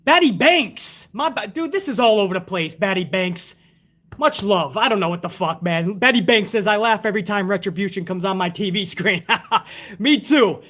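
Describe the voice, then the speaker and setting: Male wrestling reviewer, high-pitched, foul-mouthed, sarcastic live-stream ranter. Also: moderate pace, a bit bright. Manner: profane, ranting, sarcastic. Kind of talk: casual live-stream commentary.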